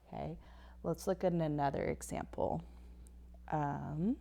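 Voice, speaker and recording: Slow, gravelly woman teaching phonics. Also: sits low, mellow. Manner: slow, patient, sounds words out. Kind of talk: phonics lesson over slides. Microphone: tablet whiteboard recording.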